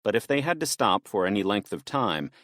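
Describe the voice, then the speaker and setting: A man with a low voice narrates a fantasy audiobook in the first person, his pitch moving a lot as he reads. The sound is close and dry. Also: big pitch swings, fairly quick, fairly bright tone, no room sound.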